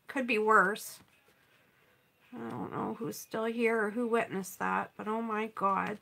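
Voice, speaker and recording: A woman's voice: on the high side, unhurried, gravelly, pushed and bright. A woman chatting casually on a livestream while she paints, sighing and pouting over a setback.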